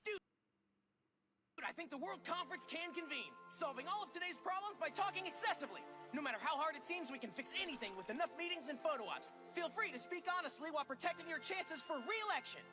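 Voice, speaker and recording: A dub actor voicing a brash, loud young man who personifies a country in an English-dubbed cartoon, making rapid, excitable speeches. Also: sits high, over music. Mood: boastful.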